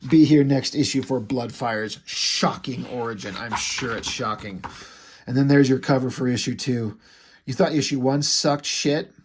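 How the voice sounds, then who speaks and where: A man's voice: fairly high pitch, breathy edge. A man reviewing a comic in a casual, profane rant, mocking what he reads. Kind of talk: casual ranting commentary.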